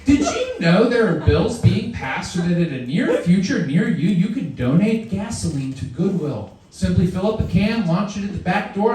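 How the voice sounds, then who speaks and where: A man performs his poetry live with a high, lively voice that leaps around in pitch. The delivery is theatrical, moving from shouts down to near-whispers. The recording catches him from across a very echoey room. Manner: theatrical, swinging from shouts to murmurs. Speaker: poet. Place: reading venue. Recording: echoey room, mic far off.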